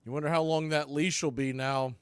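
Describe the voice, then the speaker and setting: A man calls live baseball play-by-play with excitable calls and chatty asides. His voice is smooth and clear and sits a little high. The sound is dry and close, with no room around it. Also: a little fast, no room sound. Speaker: play-by-play announcer.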